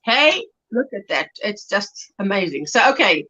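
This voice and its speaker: South African woman, livestream host, bright voice, on a phone, dull lo-fi sound. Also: medium pitch, big pitch swings, a little slow. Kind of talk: casual livestream chat. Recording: dull phone audio over mobile data.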